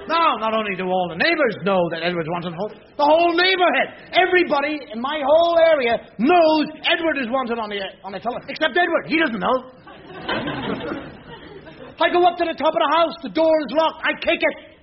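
A middle-aged man doing stand-up comedy, telling a story in an animated way, dropping to a mutter and bursting into shouts. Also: very high-pitched, a little fast, a faint crowd. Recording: lo-fi live club recording. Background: loud audience laughter and noise.

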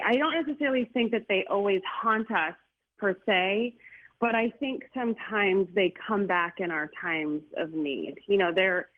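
A woman chats earnestly as a guest on a call-in radio program. She laughs lightly and restarts her thoughts often. Her voice comes through narrow and phone-like, at a middling pitch. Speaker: paranormal guest.

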